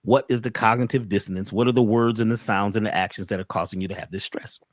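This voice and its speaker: A man's voice: fairly low pitch, steady tone, fast, dry recording, studio quality. A man talking as a podcast guest, telling stories with rhetorical questions and slipping into acted voices. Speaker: podcast guest, mushroom teacher. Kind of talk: animated storytelling conversation.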